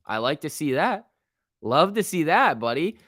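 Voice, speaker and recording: A man's voice: a little high, no room sound, studio quality. Man chattering live over stock charts. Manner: loose running commentary, reads chat aloud, quick excited outbursts. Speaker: livestream host. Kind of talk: casual live trading stream chatter.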